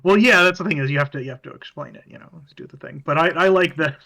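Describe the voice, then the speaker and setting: A man's voice: fairly high pitch, quick pace, gravelly, pushed and bright. A man playing a tabletop game, rambling with hesitant restarts and many fillers. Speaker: player.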